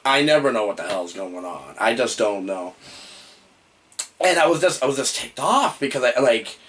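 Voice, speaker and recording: A man's voice: mid-range voice, animated, moderate pace, fairly bright tone. A man rambling through a comedic horror movie review in the persona of a demon host, prone to yelps and outbursts. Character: male demon posing as human host.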